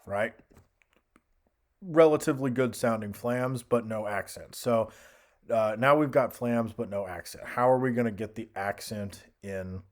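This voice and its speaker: A young man casually talking through a music software tutorial, thinking aloud with fillers and restarts. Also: mid-range voice, unhurried. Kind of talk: screen-recorded software tutorial.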